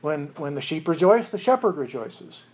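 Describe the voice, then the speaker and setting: A man's voice: on the high side, big pitch swings, normal speed, a little mellow, husky. A man preaching a sermon as pastor, earnest and chuckling, with frequent restarts.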